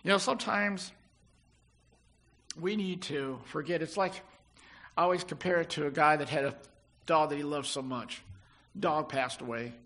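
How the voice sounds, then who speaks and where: A man's voice: a little high, normal speed, long pauses, a bit bright. An older man preaching a sermon, retelling scripture with rising, emphatic delivery.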